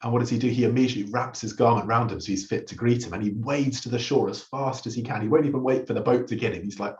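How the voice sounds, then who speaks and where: A man's voice: medium pitch, fast, few pauses, darkish tone. Echoey, lo-fi male pastor preaching. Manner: earnest storytelling, acts out quoted lines. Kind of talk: sermon. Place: church hall.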